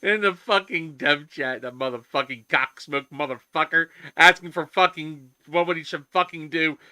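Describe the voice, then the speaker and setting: A man's voice: a little high, normal speed, sharp tone, no echo, studio quality. A man streaming himself coding, ranting in casual chatter with constant swearing. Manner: profane, ranting, heavy swearing.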